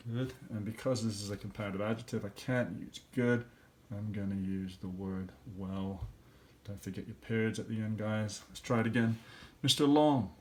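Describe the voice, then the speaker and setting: A middle-aged man, an elementary school teacher, walking students through a recorded review lesson and thinking aloud step by step. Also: on the low side.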